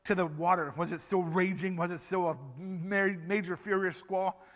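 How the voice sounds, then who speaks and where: A man with a high, light voice preaches to a group of children, stopping often to ask them questions and acting out the story. His voice rings with long reverb from a large hall. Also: moderate pace. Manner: animated, asks the children questions. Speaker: children's pastor. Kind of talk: children's sermon.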